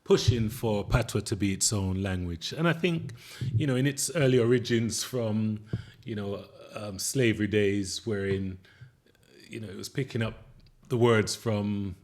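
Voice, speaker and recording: A man's voice: on the low side, measured pace, darkish tone. A man from England with a mixed English, Jamaican and American accent, hosting a casual podcast interview and talking in a rambling, hesitant way full of fillers. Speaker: podcast host.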